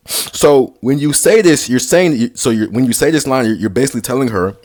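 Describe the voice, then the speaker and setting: A man's voice: medium pitch, brisk, a little mellow. A young man rambling casually through dating advice, slangy and sarcastic, full of basketball lingo. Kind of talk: casual vlog talk.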